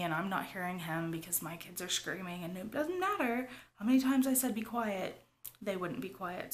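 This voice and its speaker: A woman, talking to her viewers in a rambling, confiding way, often dropping to a whisper. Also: medium pitch. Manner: rambling, confiding, lots of "like" and "you guys", often drops to a whisper. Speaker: family vlogger. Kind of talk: confessional vlog talk.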